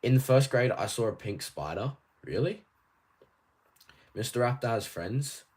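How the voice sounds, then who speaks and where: A man with an Australian accent chatting casually on a livestream, reading viewers' questions aloud and answering in a rambling, animated way. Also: mid-range voice. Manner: rambling and animated, quick asides. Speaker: toy collector streamer.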